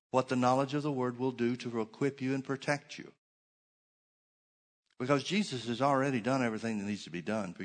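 A middle-aged male pastor preaching a Bible sermon, stressing key phrases by slowing down and repeating them. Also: mid-range voice. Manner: preaching with shifting emphasis, slows to stress points.

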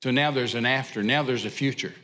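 A man's voice: medium pitch, fairly quick, a bit bright, big-room sound. A man preaching a sermon, retelling scripture with an emphatic, repetitive cadence. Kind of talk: sermon storytelling. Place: church sanctuary.

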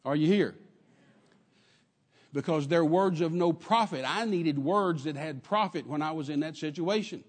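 High-voiced older Texan preacher in reverb. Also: male voice, moderate pace. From Texas. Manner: emphatic storytelling, repeats phrases, calls out to congregation. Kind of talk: sermon. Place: church.

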